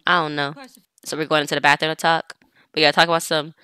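A woman's voice: low voice, flat delivery, fast, pushed and bright, clear, resonant tone, no room sound, studio quality. A woman giving casual, chatty gameplay commentary, talking straight to her game characters as she plays. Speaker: let's play gamer.

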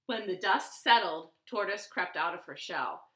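A librarian reads a children's picture book aloud without hurrying, her bright, somewhat low voice swooping up and down in a lively, expressive storytime style. The living room she's in gives off a noticeable echo.

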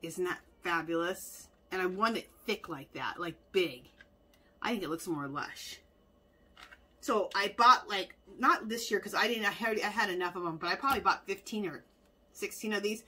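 A woman's voice: mid-range voice, normal speed, pushed and bright, breathy edge. A woman hosting a casual haul video at home, chatty and enthusiastic, gushing over cute craft finds.

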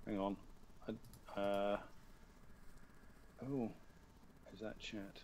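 A man's voice: fairly low pitch, fairly even intonation, extremely slow, long pauses, a little mellow, slight background noise. A man with a British accent, a guest voice actor chatting casually over a video call on a tablet, talking through what he is doing and laughing at himself.

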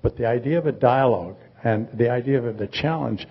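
A man in his eighties, a guest artist, talking in a rambling, halting way with dry humor in a live onstage conversation. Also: medium pitch, breathy edge, muffled recording. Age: 80s.

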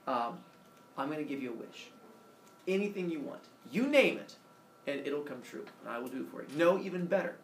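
A man's voice: on the high side, animated, fairly quick, a little hiss or hum. A man voicing an absent father who is a sun god, talking in a casual, apologetic way. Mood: sheepish. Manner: casual, apologetic dad talk. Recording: roomy room, distant mic.

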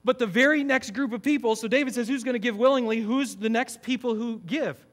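A middle-aged man preaches a sermon with a high-pitched voice. He is emphatic and keeps asking his listeners questions as he goes. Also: fairly quick, fairly bright tone. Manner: emphatic, asks the congregation questions. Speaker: campus pastor.

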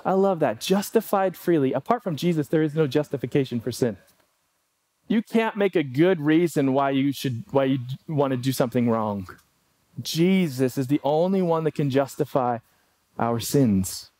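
A man preaching a sermon as pastor, animated, acting out pleading quotes. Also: on the high side, normal speed, no echo.

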